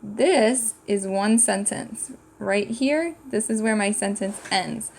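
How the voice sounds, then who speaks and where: Female teacher for young kids: unhurried, patient, slightly gravelly voice. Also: mid-range voice, a little mellow. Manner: patient, thinking aloud and sounding out words. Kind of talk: slow, clear classroom lesson for young children.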